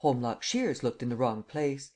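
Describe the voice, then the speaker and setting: A man reading as a cool gentleman thief. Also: mid-range voice, animated, normal speed, close to an everyday voice. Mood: poised. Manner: poised, grave, quietly assured. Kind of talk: audiobook character reading.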